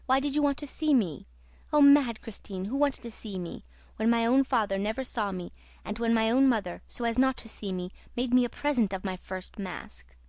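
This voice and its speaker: A woman reading aloud and voicing a tormented masked man who taunts, rages and grieves in turn, with loud, intense delivery. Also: on the high side, normal speed, dry recording, natural voice. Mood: raging, taunting. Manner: intense, mocking, then anguished. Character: tormented masked male phantom, raging and self-pitying.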